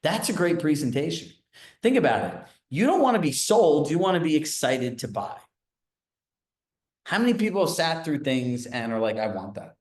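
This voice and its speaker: Animated male sales coach in an echoey room. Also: on the high side, normal speed. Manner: animated, storytelling, asks the audience questions. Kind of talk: training session talk. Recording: roomy echo.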